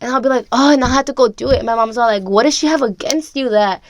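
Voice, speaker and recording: A woman's voice: a little high, fast, a little hiss or hum. A woman guest telling a childhood story in casual chat, chatty and full of "like", acting out family dialogue. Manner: chatty, heavy use of "like", acts out family dialogue. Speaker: podcast guest.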